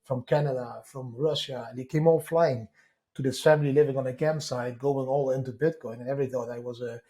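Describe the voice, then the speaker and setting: A man with a Dutch accent, a guest in an interview, telling his story in an animated way with many quick restarts. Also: medium pitch. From Netherlands.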